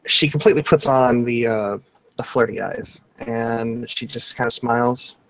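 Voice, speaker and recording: A man's voice: medium pitch, moderate pace, gravelly, dull audio. A man playing a tabletop role-playing game, describing his character's actions in a casual, rambling way with frequent swearing. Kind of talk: tabletop role-play narration.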